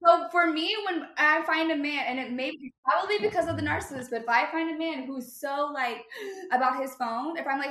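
A woman's voice: high voice, fairly quick, a bit bright. A young woman in casual chat, talking in a blunt, profane and emphatic way. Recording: echoey room.

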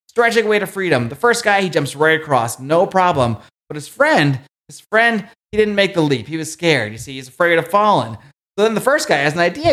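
A man's voice: on the high side, fairly bright tone. A man doing a theatrical clown villain. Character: manic male clown villain telling a joke.

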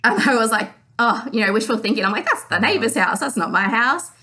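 A woman's voice: fairly high pitch, a little fast. Australian woman telling a story as a caller. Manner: animated, acts out the voices of people in her story. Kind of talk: casual storytelling on a call-in show.

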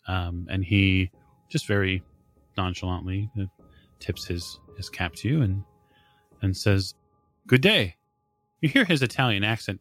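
A man serving as game master, narrating scenes at an unhurried pace with plenty of ums and restarts. His voice sits on the low side, with faint music playing underneath. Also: a bit bright. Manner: descriptive, unhurried, filler-heavy.

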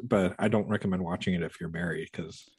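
A man's voice: low voice, fairly even intonation, a little fast, a little mellow, husky, dry recording, poor audio. A man co-hosting a casual film chat, joking and blunt, swearing freely. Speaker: co-host.

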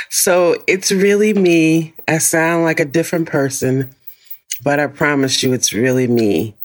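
A woman hosting a podcast, talking casually in a deep morning voice and laughing often. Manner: warm, chatty, laughs often, slow deliberate phrasing. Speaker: podcast host. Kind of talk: casual solo podcast talk.

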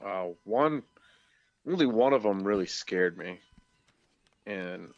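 A man's voice: low-pitched, animated, takes it slowly, dry recording, muffled recording. A man recounting past events in a matter-of-fact way during a casual podcast conversation. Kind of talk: casual storytelling.

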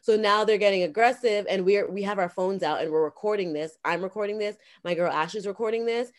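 A Canadian woman in a casual podcast chat, telling a story in an animated way and acting out the dialogue. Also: mid-range voice, a little fast. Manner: animated, acts out quoted dialogue. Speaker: guest.

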